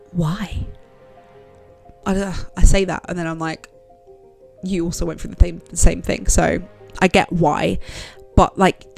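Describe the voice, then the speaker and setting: A woman giving frank, direct motivational advice to her viewers in a casual vlog. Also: fairly low pitch. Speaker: self-help vlogger. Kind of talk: motivational talk to camera.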